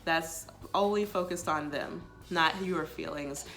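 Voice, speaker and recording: A woman talks straight to the camera about relationships in a loose, chatty way, with plenty of filler words. Her voice sits low and has a gravelly fry. Faint music plays behind her. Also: unhurried, fairly bright tone. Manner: chatty, many filler likes, quotes others in passing. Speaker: vlogger giving relationship advice. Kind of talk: casual talking-to-camera advice.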